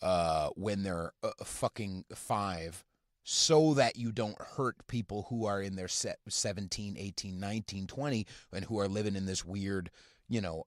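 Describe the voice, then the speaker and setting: A man hosting a podcast from inside his car, ranting casually and profanely in a halting, rambling way full of fillers. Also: lowish voice, no room sound, studio quality. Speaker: podcast host. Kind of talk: casual rant.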